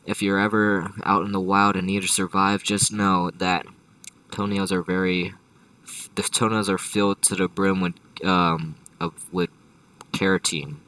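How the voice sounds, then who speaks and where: A deep-voiced man spins an improvised comedy story, rambling and swearing, with constant restarts and tangents. His voice is forceful, and he sits a bit back from the mic in a dry room. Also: little pitch movement, measured pace, no room sound, far from the mic, low-quality recording. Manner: rambling and profane, many restarts and asides. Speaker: storyteller host.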